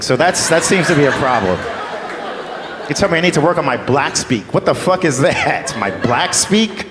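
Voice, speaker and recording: Crude, self-mocking stand-up comedian. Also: male voice, a little high, lively intonation, normal speed, a crowd in the background. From US East Coast. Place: comedy club stage. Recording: echoey hall with background noise.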